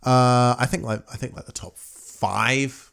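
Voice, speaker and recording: A man's voice: medium pitch, fairly even intonation, unhurried, creaky, a bit bright, smooth. A man co-hosting a podcast in casual chat, rambling and correcting himself as he jokes through a game show recap. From England. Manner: rambling, self-correcting, joking. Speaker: podcast co-host.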